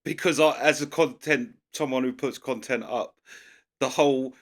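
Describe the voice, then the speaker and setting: A man's voice: mid-range voice, fairly even intonation, unhurried. An English man hosting a reaction video, chatting loosely and laughing as he comments.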